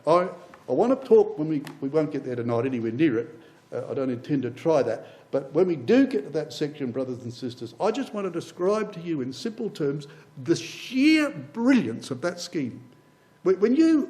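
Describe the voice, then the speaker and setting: A man's voice: on the high side, dark tone, rough recording. A man giving a Bible class as a sermon, speaking with passion, building up through repeated phrases and addressing his listeners as brothers and sisters.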